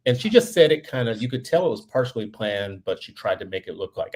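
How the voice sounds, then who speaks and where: A man's voice: on the low side, very animated, fast talker, a little mellow. A man co-hosting a podcast, telling a story in casual commentary and getting heated and emphatic as he goes. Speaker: podcast co-host.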